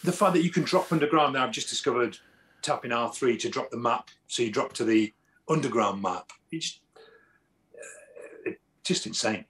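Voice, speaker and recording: A middle-aged man, an actor, chatting casually as an interview guest and telling stories lively, acting out the people he quotes. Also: mid-range voice, moderate pace, long pauses. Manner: animated storyteller, acts out quoted exchanges.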